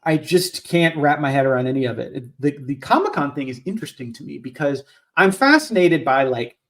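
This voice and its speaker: Blunt, opinionated man, raised pitch. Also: animated, fairly quick, a bit bright. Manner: blunt, emphatic, swears freely. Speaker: podcast co-host. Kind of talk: casual political chat.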